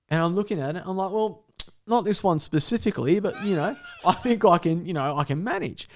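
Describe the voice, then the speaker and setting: A man's voice: high-pitched, brisk. A man, a podcast guest telling a wild story in casual chat, swearing freely and acting out the dialogue. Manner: animated storyteller, swears freely, laughs often, acts out dialogue.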